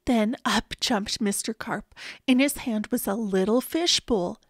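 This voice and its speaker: A woman reading a children's picture book aloud in an expressive way. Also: a little high, no room sound, clean studio sound. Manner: expressive, slow and lively. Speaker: storybook reader.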